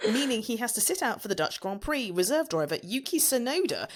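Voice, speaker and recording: A woman's voice: a little high, big pitch swings, brisk, noisy background. Giggly woman reading a recap. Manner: giggly, sarcastic asides while reading. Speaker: podcast host reading the news. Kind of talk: scripted news recap with banter.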